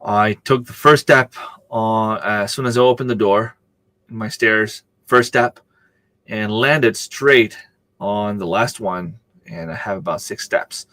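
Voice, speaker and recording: A man chats loosely on a live stream, rambling from one story to the next and replying to viewers' comments. His voice sits a little low, and the sound is close and dry with almost no room around it. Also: slow pace, sharp tone, dry recording. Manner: rambling, chatty, answers viewer comments aloud. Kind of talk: casual live-stream chat.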